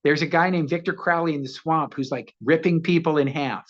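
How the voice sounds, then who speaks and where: A man in his sixties telling stories as an actor guest in a casual interview, animated and laughing often as he acts out quoted voices. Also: fairly high pitch, a little fast. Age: 60s. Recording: muffled lo-fi audio.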